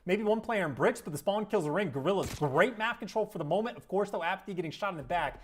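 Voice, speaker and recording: A man giving fast analytical color commentary on an esports match. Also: high voice, expressive, a little hiss or hum. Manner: rapid, analytical breakdown of plays.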